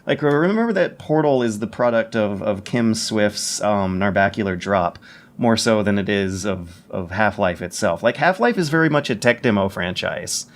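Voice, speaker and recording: A man co-hosting a casual podcast, who talks quickly and keen, stammers and corrects himself as he goes. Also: lowish voice, expressive. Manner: fast, stammering, self-correcting enthusiasm. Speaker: podcast co-host.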